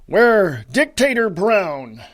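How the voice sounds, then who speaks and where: A man's voice: high-pitched, very animated, takes it slowly, no room sound, studio quality. A man from California hosting a political talk radio show, ranting angrily and swearing. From California, USA. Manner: angry, shouting, profane.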